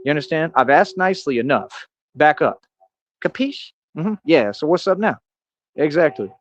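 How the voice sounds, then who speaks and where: A man's voice: a little high, expressive, normal speed, dry recording. A man in his thirties ranting boastfully and confrontationally in a rambling livestream monologue. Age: 30s. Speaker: streamer. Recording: dull lo-fi dry sound.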